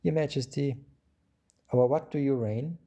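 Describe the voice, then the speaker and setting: A man's voice: mid-range voice, moderate pace, warm tone, close to an everyday voice. A man doing a timid, polite little prince.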